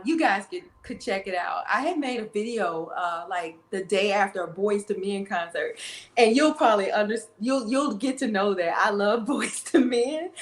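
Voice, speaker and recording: A woman in her forties, an interview guest, tells a personal story in a halting way and often repeats her words. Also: mid-range voice, reverberant. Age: 40s. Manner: halting, repeats phrases, tearful at times.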